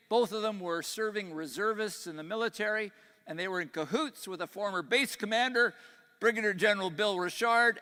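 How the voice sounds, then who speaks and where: An older Canadian man with a slight Texas twang, giving an earnest, folksy keynote speech at a conference. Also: sits high. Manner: earnest, folksy, grows quiet on grave points. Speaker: conference speaker. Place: large conference hall. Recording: echoey hall.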